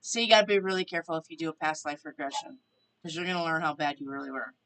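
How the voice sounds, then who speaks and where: In a rough recording, a woman with a low, slightly bright voice races through her words. She's a tarot reader hosting a casual live stream, chatting with viewers and reading their questions aloud.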